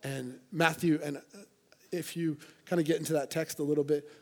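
Earnest higher-voiced male preacher. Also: steady tone, a little fast, a little mellow. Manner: earnest, conversational preaching with playful asides. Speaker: pastor. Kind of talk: sermon. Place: church in front of a congregation.

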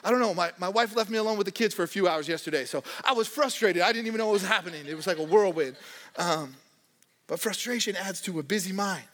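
Joking young pastor in a reverberant hall. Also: male voice, high-pitched, fast talker, a bit bright. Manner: conversational and joking, acts out quoted voices. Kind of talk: sermon.

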